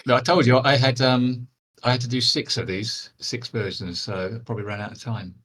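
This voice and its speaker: A man over sixty, a game developer guest, chatting in a jokey, animated way on a video call. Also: mid-range voice, brisk.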